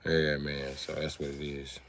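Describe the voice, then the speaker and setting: A man doing a profane comedy rant on a live stream, breaking into put-on voices. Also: measured pace. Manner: profane, animated, acts out voices with big pitch jumps.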